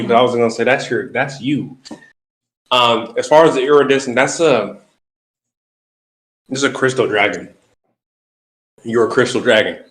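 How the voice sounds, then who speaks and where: A man giving a spiritual dream reading, measured and halting as he explains. His voice sits at a middle pitch and carries with an echo off the room around him. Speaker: host interpreting dreams. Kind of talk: spiritual interpretation chat.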